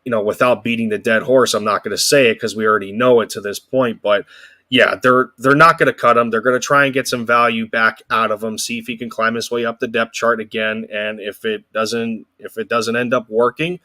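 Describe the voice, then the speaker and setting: A man's voice: medium pitch, fairly even intonation, a little fast, bright, forceful tone, dry recording. A man co-hosting a casual sports podcast, rambling and restarting his phrases as he talks. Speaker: podcast co-host.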